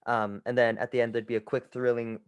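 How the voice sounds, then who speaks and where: A man's voice: mid-range voice, level tone, a little fast, smooth, no room sound. Enthusiastic man describing an idea. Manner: enthusiastic, many fillers. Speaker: podcast panelist. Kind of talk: casual chat.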